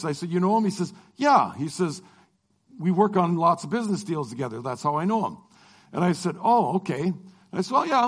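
Animated man telling a travel story. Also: high-pitched. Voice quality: animated, acts out dialogue. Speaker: Christian lecturer. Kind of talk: storytelling testimony.

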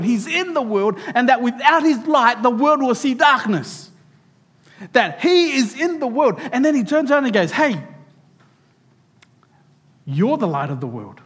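Male preacher, high voice, lively sermon to kids and church, long hall reverb. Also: husky. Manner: animated preaching, addressing children directly. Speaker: pastor.

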